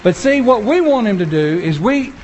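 A man preaching a sermon, animated and conversational, acting out people's prayers and mocking voices as he goes. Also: high-pitched, normal speed, soft background music. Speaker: pastor.

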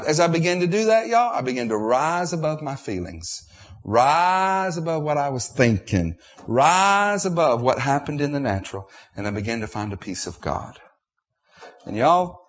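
A middle-aged man preaching a sermon, emotional and repetitive, with restarts. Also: medium pitch.

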